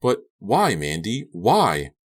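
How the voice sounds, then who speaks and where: A man voicing a panicked teenage boy tied to a chair in an audiobook, shouting and pleading. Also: on the low side, wildly swooping pitch, takes it slowly, voice pushed up, full character voice. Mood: frantic, shouting. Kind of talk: audiobook character voice.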